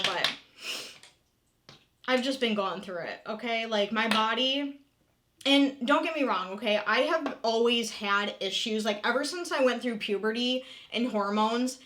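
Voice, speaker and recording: A woman's voice: mid-range voice, a bit bright. A woman in her thirties talking candidly in a casual confessional vlog, emotional and open, swearing freely and filling her talk with "like". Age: 30s. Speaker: vlogger.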